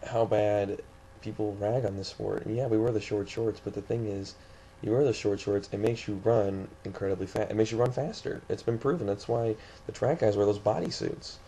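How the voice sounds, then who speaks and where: Young guy from st louis ranting into the camera, kinda low voice, trips over his words a lot. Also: steady tone, normal speed, dark tone, a little hiss or hum. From St. Louis area, USA. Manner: indignant, rambling, with many restarts. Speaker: vlogger. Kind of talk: ranting vlog monologue.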